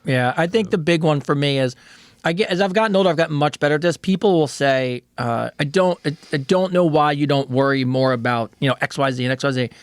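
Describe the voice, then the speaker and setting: A man with a somewhat high voice talks frankly on a podcast, matter-of-fact and loose with swear words. His voice is recorded dry and close. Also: fast talker, clean tone, no room sound. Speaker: co-host. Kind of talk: casual podcast chat.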